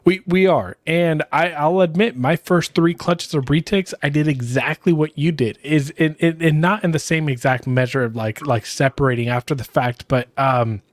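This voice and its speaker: A man's voice: a little high, normal speed, hardly any pauses, no room sound. A man co-hosting a podcast, reflecting candidly in a casual chat. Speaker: podcast co-host.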